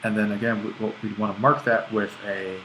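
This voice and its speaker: Guy with a lowish voice walking through a lesson, kinda thinking out loud, little restarts, faint hiss behind. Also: flat delivery, fairly quick, rough recording. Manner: explanatory, thinking aloud with restarts and fillers. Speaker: Greek language instructor. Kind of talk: recorded online lecture.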